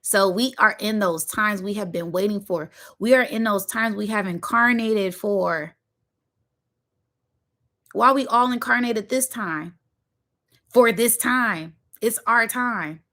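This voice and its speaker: A woman's voice: mid-range voice, slow pace, sharp tone. A woman, hosting a spiritual motivational monologue in an emphatic, preachy way, repeating phrases and using slang. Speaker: spiritual channel host.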